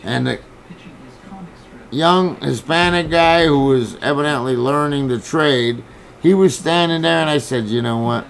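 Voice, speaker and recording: A man with a gravelly, somewhat high voice tells a story as a heated, profane rant. He swears constantly and acts out the argument line by line. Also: a little slow, rough recording. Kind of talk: angry personal rant.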